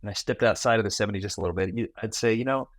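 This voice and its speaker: A man in his forties, a podcast guest who tells stories in a lively way and acts out small talk in quick asides. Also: on the low side, dry recording. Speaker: guest, founder and keynote speaker. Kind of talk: conversational podcast interview.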